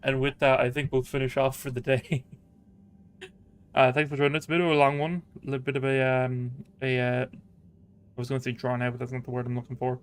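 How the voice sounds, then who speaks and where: A man's voice: medium pitch, little pitch movement, fairly quick, smooth. A man hosting a casual let's-play stream, joking, laughing often and drifting into rambling tangents. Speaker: gaming channel host.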